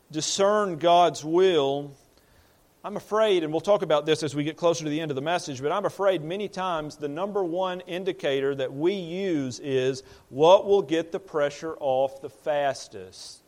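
A man's voice: a little high, a little slow. A man in the role of pastor, preaching in a conversational way, plain-spoken and often repeating or restarting words as he builds a point. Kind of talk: conversational sermon.

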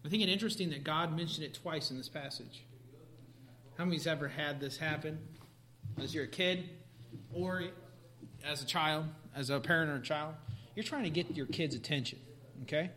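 Male preacher, high bright voice, animated delivery with sudden loud bursts. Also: moderate pace, pauses often. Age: adult parent. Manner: animated, shifting from quiet to sudden shouts. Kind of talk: sermon.

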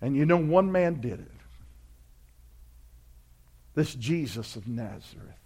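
A man preaching a sermon, telling a story and acting out voices, building from quiet asides to loud fervent climaxes. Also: mid-range voice, lively intonation, slow, husky. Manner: storytelling preacher, acts out voices, swells to shouts. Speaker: pastor.

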